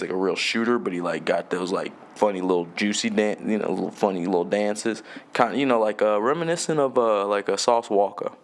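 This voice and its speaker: A young man from Jamaica hosting a solo podcast. He rambles loosely and swears a lot, laughs often and trails off mid-thought. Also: deep voice. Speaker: podcast host.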